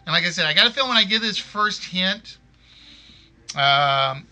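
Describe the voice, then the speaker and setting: His voice is high, bright and forceful, expressive at a normal speed, as he hosts a live game show stream. He chats casually but rambles, correcting himself and apologizing as he goes.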